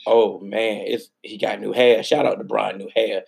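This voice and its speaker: A man co-hosting a casual sports podcast, animated and slangy, repeating himself for emphasis. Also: lowish voice, normal speed, vocal fry, breathy edge. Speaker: podcast co-host.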